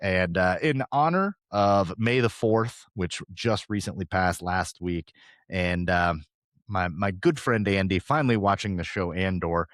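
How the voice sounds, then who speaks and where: A man in his thirties hosting a podcast, talking casually and fast, with an animated, rambling delivery. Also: deep voice, no room sound, clean studio sound. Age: 30s. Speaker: podcast host. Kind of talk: casual chat.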